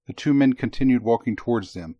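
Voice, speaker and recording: A man narrating an audiobook in a steady, even tone. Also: medium pitch, fairly quick, no echo, lo-fi sound.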